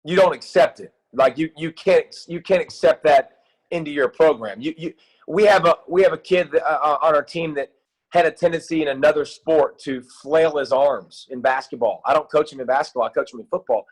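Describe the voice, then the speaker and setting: A man in his thirties, a youth football coach, talking in an excited, rambling way with many restarts in a casual interview. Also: on the high side, brisk, slightly rough, low-quality recording.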